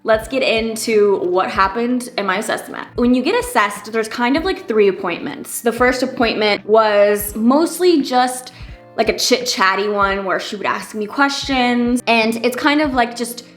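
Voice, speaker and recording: A woman's voice: on the high side, measured pace, soft background music. A woman in her thirties telling a personal story in a casual vlog, chatty and candid, with lots of fillers and side remarks. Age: 30s. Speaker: vlogger.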